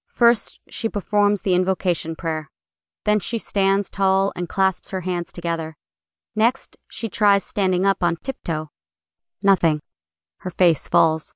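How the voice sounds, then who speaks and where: Smooth, dry audiobook narrator, woman. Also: fairly low pitch, dry recording. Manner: clear, measured storytelling. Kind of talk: first-person audiobook narration.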